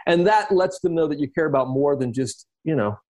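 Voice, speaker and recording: A man's voice: a little high, lively intonation, fairly quick, a little mellow. A man, a guest on a podcast, talking casually and reflectively about interviewing artists, with lots of fillers and restarts. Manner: reflective, rambling with many fillers.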